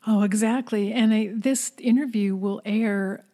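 A woman's voice: medium pitch, steady tone, measured pace, dark tone. A woman hosting an interview, speaking in an earnest, reflective way. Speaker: interview host. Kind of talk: interview conversation.

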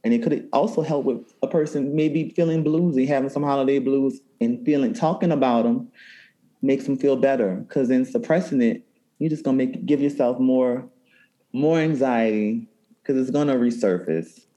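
A man who works as a therapist, from New Orleans, talking in an interview in an animated way with many restarts. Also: mid-range voice, moderate pace, rough recording. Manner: warm, animated storytelling with frequent restarts. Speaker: therapist and cookbook author. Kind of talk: interview conversation.

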